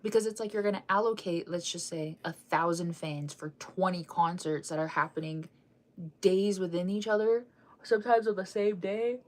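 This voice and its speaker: A woman's voice: fairly low pitch, moderate pace. A young woman hosting a casual fan news chat, rambling with lots of fillers and restarts while she keeps yawning and sighing.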